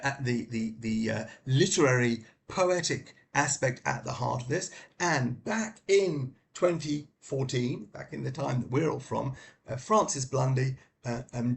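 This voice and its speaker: A man's voice: medium pitch, creaky, slight background noise. A middle-aged man giving a casual spoken book review, hesitant and full of fillers and restarts.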